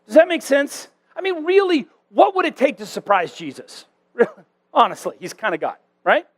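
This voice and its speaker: A man preaching a sermon as a church pastor, conversational and animated, with self-deprecating asides. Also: very high voice, normal speed.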